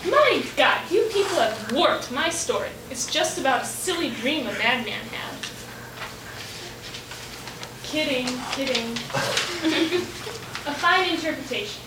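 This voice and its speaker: A woman's voice: high-pitched, lively intonation, a little slow, pauses often. A woman on stage playing an eccentric male Russian author who hears voices, with a theatrical, wordy, teasing manner. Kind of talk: amateur stage acting. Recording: echoey hall from far off, loud noise.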